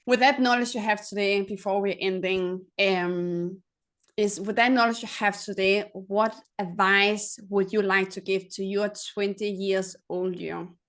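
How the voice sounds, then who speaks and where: A woman's voice: medium pitch, steady tone, a little slow. A woman host asking questions in an interview, earnest, with slightly phrasing. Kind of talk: interview hosting.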